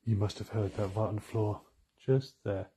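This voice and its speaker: A man co-hosting a ghost hunt livestream, talking quietly and greeting viewers one after another inside an old cottage. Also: lowish voice, moderate pace, a little hiss or hum. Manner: hushed, rattling off greetings to viewers. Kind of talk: casual livestream chat. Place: old abandoned cottage, indoors.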